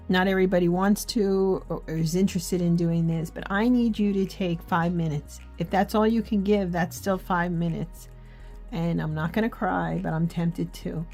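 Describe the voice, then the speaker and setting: A middle-aged woman talking earnestly and encouragingly in a devotional vlog, sometimes reading scripture aloud. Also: mid-range voice. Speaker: faith journaling vlogger. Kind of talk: heartfelt devotional chat.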